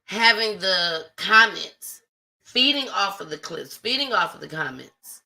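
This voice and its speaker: In a rough recording, a woman hosting a livestream speaks to her viewers directly, chatty and heartfelt. Her medium-pitched voice is expressive, bright and forceful with some vocal fry, and she speaks at an unhurried pace.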